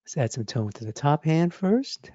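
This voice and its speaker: A man teaching drawing, talking through his sketch step by step as he works, thinking aloud in a relaxed, encouraging way. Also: on the high side, moderate pace, no echo, dull audio. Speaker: drawing instructor. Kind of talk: live drawing demonstration.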